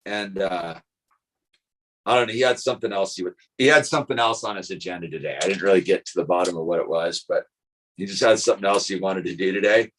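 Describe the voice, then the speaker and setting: A man's voice: sits low, fast, rough recording. A man chatting casually on a live stream, rambling in a laid-back way and dropping "dude" and "like" into most sentences. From California. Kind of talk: casual chat.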